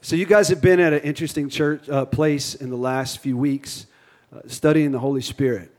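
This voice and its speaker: A man's voice: fairly high pitch, fairly even intonation, normal speed, a little mellow. A man in his thirties with a Louisiana accent preaching a sermon in a folksy, joking way, with restarts. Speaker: guest preacher. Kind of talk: sermon with storytelling.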